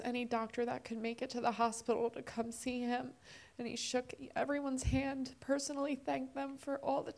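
High, gravelly-voiced woman giving a tearful testimony. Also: darkish tone, a little hiss or hum. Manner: emotional, halting, close to tears. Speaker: church member giving a testimony. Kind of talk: personal testimony at a service.

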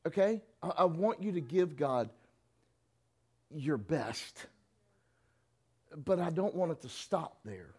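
A man's voice: on the high side, expressive, takes it slowly, pauses often, a little mellow, breathy edge. A man preaching a sermon, folksy and teasing, acting out little voices as he goes. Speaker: pastor.

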